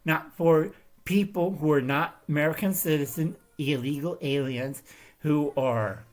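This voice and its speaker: Talking a little slowly in a somewhat high voice, a man hosts his channel with a long, emphatic political rant that drifts from point to point. "Okay?" and "All right?" come up often as he checks in.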